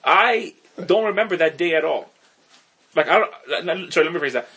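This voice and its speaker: A man's voice: a little high, animated, fast talker, a bit bright, slightly rough. A man co-hosting a podcast, chatting casually in a rambling, wry way that keeps interrupting itself. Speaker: podcast co-host. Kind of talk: casual chat.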